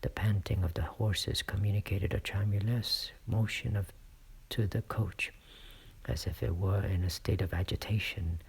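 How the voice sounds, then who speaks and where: A man reading a classic novel aloud as a narrator, in a hushed storytelling manner. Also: sits low, fairly even intonation, moderate pace, husky, whispered. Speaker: audiobook reader. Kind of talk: scripted narration.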